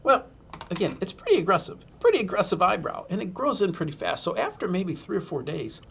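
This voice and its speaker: A man's voice: sits high, sing-song, a little fast, gravelly, a bit bright, muffled recording, slight background noise. A man, a school superintendent, telling a humorous self-deprecating story to an audience and acting out the quotes.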